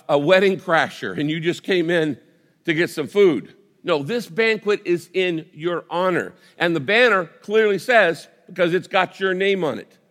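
A man preaching a sermon as a pastor, telling a vivid story with swings between lively and soft intimate tones. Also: on the high side, long reverb tail.

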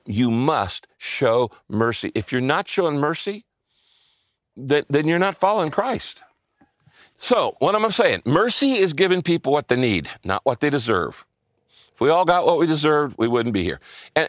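An older man preaching a sermon in a conversational style, asking the listeners questions and dropping to a soft hush on key phrases. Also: medium pitch, no room sound, studio quality. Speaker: pastor.

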